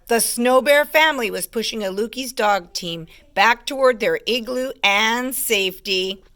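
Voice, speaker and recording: A woman teacher reading a storybook aloud to children in an expressive way. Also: fairly high pitch, measured pace. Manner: expressive, hushed asides about pictures.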